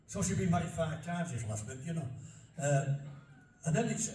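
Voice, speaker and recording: A man's voice: on the high side, lively intonation, normal speed, a little mellow, slight background noise. An older man with a Barnsley Yorkshire accent giving a chatty talk to an audience, folksy and anecdotal, repeating himself as he goes. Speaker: local speaker on dialect. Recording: roomy hall from far off.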